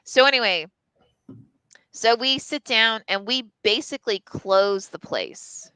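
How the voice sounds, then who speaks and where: Bright, crisp-voiced woman telling a candid story. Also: on the high side, takes it slowly, no room sound, low-quality recording. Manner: candid and profane, full of "like" and restarts. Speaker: storyteller on a live stream. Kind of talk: casual personal storytelling. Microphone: live stream mic.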